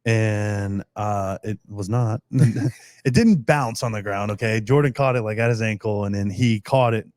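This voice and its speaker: A man's voice: lowish voice, normal speed, a little mellow, dry recording, clean studio sound. A young man, a pro football player, telling stories as a podcast guest, rambling and laughing often, with casual cursing.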